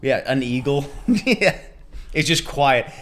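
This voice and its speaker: A man's voice: mid-range voice, lively intonation, takes it slowly, fairly bright tone, slight background noise. A young man co-hosting a podcast, telling a story in an enthusiastic way with frequent laughter. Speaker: podcast co-host. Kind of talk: casual storytelling chat.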